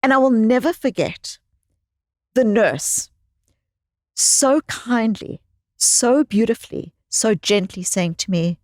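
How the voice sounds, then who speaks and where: A woman psychologist telling personal stories as a guest in an interview, expressive and fond of repeating phrases for emphasis. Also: fairly high pitch, slow, long pauses, no room sound, studio quality. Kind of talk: conversational interview storytelling.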